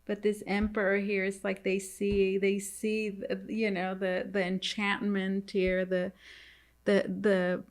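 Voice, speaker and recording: Flat-voiced woman giving a tarot reading. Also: mid-range voice. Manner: halting and repetitive, keeps addressing viewers. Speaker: tarot reader. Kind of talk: casual tarot reading to viewers.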